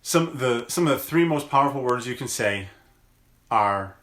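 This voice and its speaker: Slow-talking, gentle-voiced male chiropractor. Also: mid-range voice, very animated, roomy sound. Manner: slow, deliberate, gentle encouragement with drawn-out words. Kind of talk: motivational daily video message.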